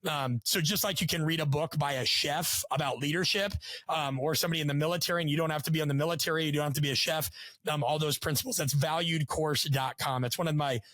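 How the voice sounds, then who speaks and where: A man talks as a guest on a podcast in a slightly high voice, quick and animated, with a self-deprecating streak. The sound is dry and close to the mic, with no room echo. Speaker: guest coach and author. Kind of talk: casual podcast conversation.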